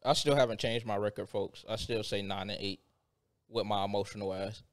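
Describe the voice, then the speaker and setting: A man's voice: on the low side, steady tone, a little fast. Exasperated man arguing, laughing in disbelief. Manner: emotional, exasperated, laughs often. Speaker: podcast co-host. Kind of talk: heated casual debate.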